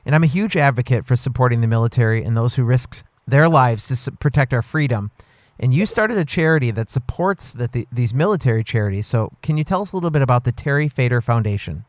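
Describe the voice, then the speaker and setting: In a podcast interview, the host asks questions in a friendly, enthusiastic way. He talks fast in an expressive, mid-range voice, and the recording is dry.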